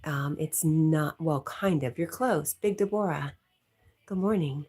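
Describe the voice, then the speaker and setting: Low, husky woman chatting on a livestream. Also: a little slow, a little mellow. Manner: chatty, reads viewer comments aloud, laughs often. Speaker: livestream host reading chat. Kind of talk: casual live chat.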